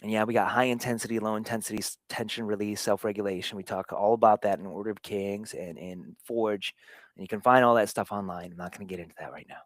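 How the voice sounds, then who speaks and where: A man hosting a show, giving an earnest motivational talk on fatherhood, swinging between hushed and emphatic delivery. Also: lowish voice, fairly even intonation, a little fast, dry recording. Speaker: show host.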